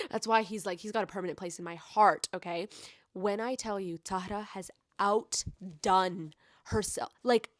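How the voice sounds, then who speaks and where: A woman reviewing a book in a casual vlog, gushing and effusive, peppering her talk with "like" and swinging from hushed tones to loud excited bursts. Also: lowish voice, dry recording, studio quality. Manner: gushing, effusive, heavy use of filler "like". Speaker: book vlogger.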